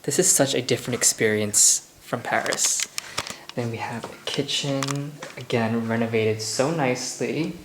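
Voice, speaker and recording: A man's voice: medium pitch, a little slow, roomy sound, background noise. A man vlogging and talking about painting in a loose, musing way, full of "like" and "you know", indoors in a townhouse. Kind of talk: casual vlog talk. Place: indoors in a townhouse at an artist residency.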